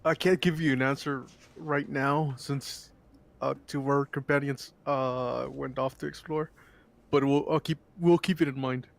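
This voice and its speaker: A man taking part in a tabletop game as a player, speaking in a measured, polite way. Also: mid-range voice, steady tone, vocal fry. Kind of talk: in-character play at a tabletop game.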